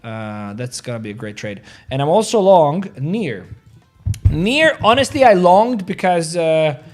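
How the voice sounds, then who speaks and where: A man's voice: on the high side, big pitch swings, measured pace, soft background music. A man hosting a crypto trading livestream, rambling casually, swearing freely and joking with viewers about their likes. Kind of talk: casual livestream chat, reading viewer comments.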